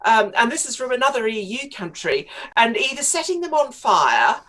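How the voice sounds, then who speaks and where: A woman's voice: fairly high pitch, big pitch swings, normal speed, fairly bright tone. A middle-aged woman, a writer interviewed on talk radio, telling stories in a chatty way with frequent laughs. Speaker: guest writer.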